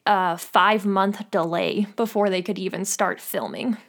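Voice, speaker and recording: A woman's voice: mid-range voice, unhurried. A young adult woman co-hosting a podcast in casual chat, hesitant and giggly with many fillers. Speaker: podcast co-host.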